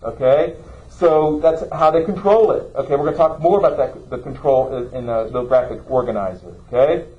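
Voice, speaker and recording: A man's voice: a little high, moderate pace, muffled recording, a little hiss or hum. A man teaching a classroom lesson, asking students questions and checking in with "okay?". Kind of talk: classroom lecture.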